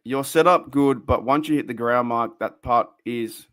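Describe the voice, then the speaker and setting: A man's voice: mid-range voice, normal speed. Rambling Australian man on a fan stream. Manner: rambling, excitable, talks to chat viewers. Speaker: fan podcast host. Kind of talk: casual live-stream chat. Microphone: desk microphone for a live stream.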